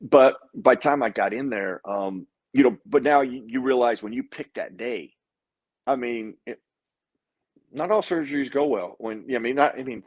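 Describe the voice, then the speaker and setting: This lo-fi clip has no echo; the man speaks at a moderate pace with a medium pitch. He's a guest in an informal interview, telling a personal story with animation and acting out others' words.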